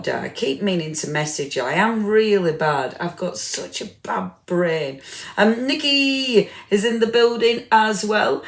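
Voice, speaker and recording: Tired, chatty woman greeting viewers. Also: fairly low pitch. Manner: chatty, warm greetings, many fillers, self-deprecating. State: tired, full after dinner. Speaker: livestream craft host. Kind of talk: casual live-stream chat greeting viewers. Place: home craft room. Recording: echoey room.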